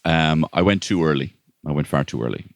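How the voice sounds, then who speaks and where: A man's voice: rumbling low, animated, fairly quick, no echo, studio quality. An Irish man co-hosting a comedy podcast, chatting wryly and riffing with playful asides. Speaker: podcast co-host. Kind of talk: comedic casual chat.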